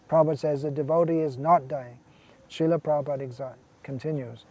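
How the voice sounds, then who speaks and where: Male monk, sermon delivery, earnest and emphatic, fairly high, mellow-toned voice. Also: fairly even intonation, fairly quick, no room sound. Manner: earnest, emphatic, repeats key words, reads out quotations. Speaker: monk lecturing on scripture.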